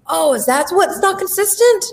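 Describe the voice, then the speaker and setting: This is a very high, gravelly female voice at a moderate pace. In her role as a life coach and entrepreneur, she gives an energetic, emphatic pep talk and acts out what people's inner voices say.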